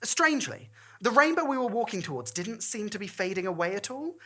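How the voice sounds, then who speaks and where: A woman's voice: mid-range voice, very animated, fairly quick, bright, forceful tone. A woman performing a comic monologue, telling the story expressively.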